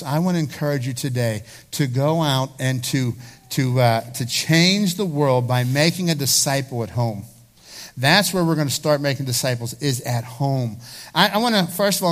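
A male pastor preaching a sermon, impassioned, rising to pleading peaks. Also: on the high side.

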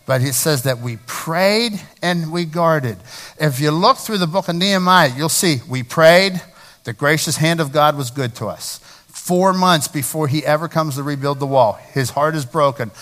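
A male pastor with a fairly high voice delivers a sermon to his congregation. He preaches in an animated way, swinging from loud, punchy lines to quiet, slowed-down emphasis. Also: in a large hall. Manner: animated preaching with big swings in loudness and pace, drawn-out emphasis.

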